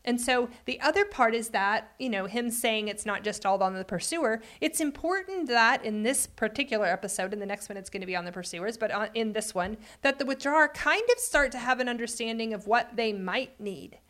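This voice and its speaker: A woman co-hosting a conversational podcast, explaining relationship patterns in an animated way with frequent laughs. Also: on the high side, brisk, hardly any pauses. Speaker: podcast co-host.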